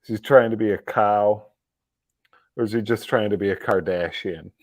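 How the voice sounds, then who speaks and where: A man's voice: on the low side, moderate pace, darkish tone, dry recording. A man hosting a live-streamed commentary show, talking in a mocking, sarcastic way, laughing often and repeating words as he restarts his sentences. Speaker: livestream political commentary host.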